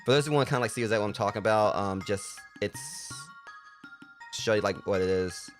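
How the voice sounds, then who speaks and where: Fast, rambling gamer guy. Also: lowish voice, soft background music. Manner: rambling, filler-heavy. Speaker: let's play host. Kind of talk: casual gameplay commentary.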